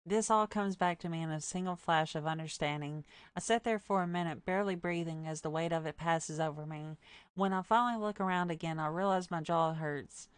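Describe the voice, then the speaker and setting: A woman streamer reading a dark story game aloud in a plain storytelling voice, breaking off for wry asides. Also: on the low side, a little fast, clear, resonant tone, no room sound.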